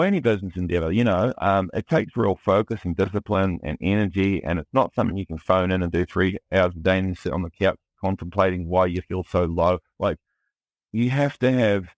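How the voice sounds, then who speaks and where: A man from New Zealand with a New Zealand accent, talking candidly and excitedly as a podcast guest, swearing freely and often restarting his sentences. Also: low voice, no room sound. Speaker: podcast guest, music producer. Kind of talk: casual chat.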